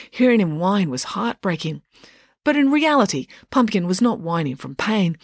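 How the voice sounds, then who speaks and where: A woman reads a children's story aloud in a playful, wry way. Her voice moves with lively ups and downs, and the recording is dry and close. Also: fairly low pitch, no echo. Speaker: narrator. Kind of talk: audiobook narration.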